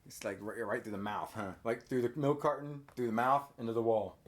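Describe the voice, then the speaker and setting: A man hosting a casual podcast, animatedly retelling a film scene by scene and briefly acting out characters' lines in quick voices. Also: medium pitch. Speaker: podcast host. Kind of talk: casual movie recap chat.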